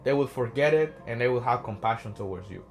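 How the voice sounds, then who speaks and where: A man's voice: mid-range voice, expressive, quick pace, faint music behind. A young man from America, talking as a motivational vlogger, earnest and often asking "right?". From Latin America. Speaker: social anxiety coach. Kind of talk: motivational vlog talk.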